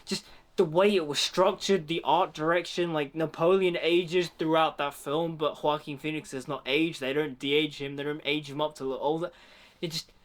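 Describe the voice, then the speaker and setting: Man, slightly high voice, casual trailer reaction, chatty, says "like" a lot. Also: steady tone, normal speed. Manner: chatty, leans heavily on "like". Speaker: film reaction vlogger.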